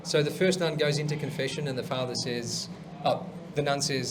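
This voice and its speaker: A man's voice: fairly high pitch, normal speed, few pauses, background noise. A man hosting a comedy show, telling jokes as a chatty storyteller who acts out the voices and laughs at his own punchlines. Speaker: host.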